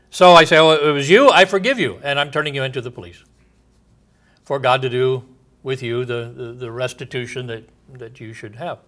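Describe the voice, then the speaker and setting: A man's voice: mid-range voice, sharp tone. A man preaching a sermon as a pastor, reading scripture aloud and asking emphatic rhetorical questions.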